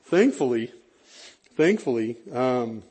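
A man preaching in a relaxed, conversational way, telling a personal story with self-deprecating humor and frequent restarts. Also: medium pitch, slow pace, breathy edge.

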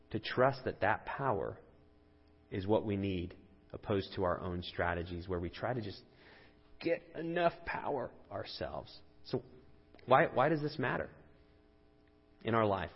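Male pastor, 30s, conversational sermon delivery, slightly husky, dull lo-fi recording. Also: fairly low pitch. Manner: earnest, conversational storytelling with rising emphasis. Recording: dull lo-fi audio with long hall reverb.

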